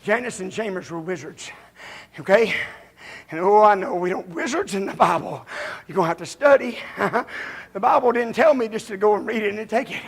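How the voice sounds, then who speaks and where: A man preaching a revival sermon in a folksy way, breaking into shouts and chuckles. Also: sits high, fairly quick, gravelly, slightly rough.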